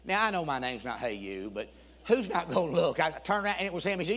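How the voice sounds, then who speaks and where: A man's voice: a little high, expressive, fast talker, fairly bright tone. A man preaching a storytelling sermon in a church, folksy and humorous, acting out both sides of a conversation. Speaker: guest preacher. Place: church sanctuary.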